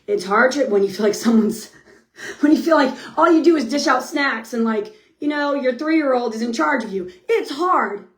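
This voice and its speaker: A woman's voice: fairly high pitch, roomy sound. A woman in her thirties giving a frank, upbeat motivational talk to a sales team, often checking in with "okay?". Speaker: motivational speaker.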